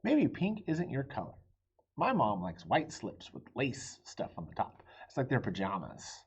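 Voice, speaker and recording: A man voicing a cheerful, literal-minded young girl in a storybook reading, with a bright, earnest, squeaky delivery. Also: wildly swooping pitch, a little slow, breathy edge, heavily acted.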